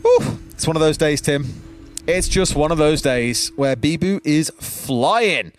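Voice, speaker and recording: A man's voice: fairly high pitch, measured pace, faint music behind. A man giving color commentary on an esports match, chatty and teasing his co-caster.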